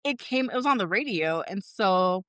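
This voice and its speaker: A woman co-hosting a podcast in casual chat, telling stories in an animated way and acting out her own past lines. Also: medium pitch, normal speed, no echo, studio quality. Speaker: podcast co-host.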